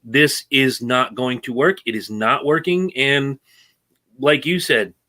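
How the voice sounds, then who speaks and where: Opinionated guy co-hosting a racing podcast, bright punchy voice, ranting. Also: medium pitch, slow pace. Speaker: co-host. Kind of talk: casual sports talk.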